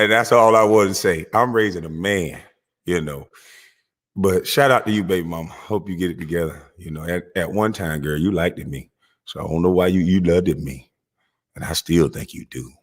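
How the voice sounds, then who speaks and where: A middle-aged man telling a comic story about his family, profane and animated, laughing often. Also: low voice. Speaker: vlogger. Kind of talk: comedic storytelling monologue. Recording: long echoey reverb.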